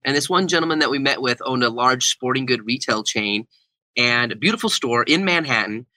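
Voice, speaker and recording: A young man, an author and speaker, telling a story as a guest in an interview. He talks animatedly and acts out the quotes. His voice is very bright and forward, recorded close with no room sound. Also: medium pitch, lively intonation, fairly quick, dry recording, poor audio. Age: young adult.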